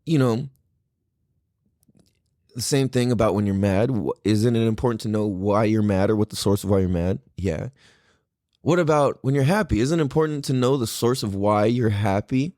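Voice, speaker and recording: A man in his thirties hosting a podcast, talking in an excitable, rambling way and swearing freely. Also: on the low side, moderate pace, no echo, clean studio sound. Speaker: podcast host. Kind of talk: casual solo podcast talk.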